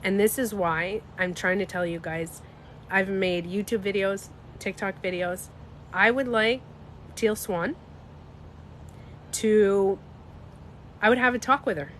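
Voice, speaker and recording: A woman's voice: mid-range voice, slow pace, long pauses, a bit bright, slight background noise. A young woman hosting a casual livestream, talking emphatically and answering chat comments. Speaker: livestream host.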